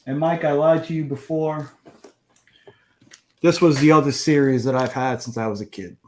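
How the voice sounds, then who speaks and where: Man in his 40s, easygoing talk-show host, slightly higher voice, unhurried. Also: fairly even intonation, a little hiss or hum. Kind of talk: casual live panel chat.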